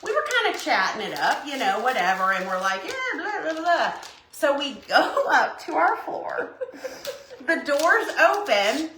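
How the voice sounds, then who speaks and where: Woman host, chatty storyteller, bright voice, echoey room. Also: sits high, unhurried. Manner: animated storytelling, laughs often. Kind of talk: casual chat while crafting. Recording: echoey room with faint noise.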